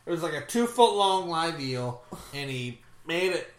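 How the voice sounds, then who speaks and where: A podcast co-host telling stories in a casual chat, animated and quick to giggle. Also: medium pitch. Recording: echoey room.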